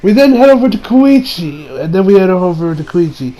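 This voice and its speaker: A man's voice: high-pitched, sing-song, a little fast, warm tone, poor audio. A young man casually recapping an anime episode, rambling and playful, laughing as he retells scenes.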